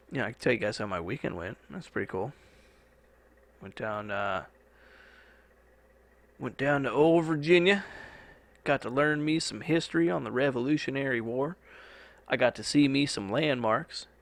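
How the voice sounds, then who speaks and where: A man hosts a solo podcast from a studio, talking in a laid-back, rambling way with casual swearing. His voice is mid-range and fairly bright.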